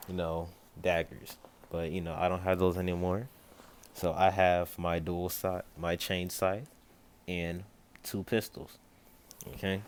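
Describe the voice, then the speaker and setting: A man with a very deep, low voice tells a fan story off the cuff at home. He rambles, backtracks and fixes himself mid-sentence, now and then turning aside to talk to someone nearby. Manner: rambling, self-correcting, with quick asides to a child nearby. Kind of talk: casual spoken fan story.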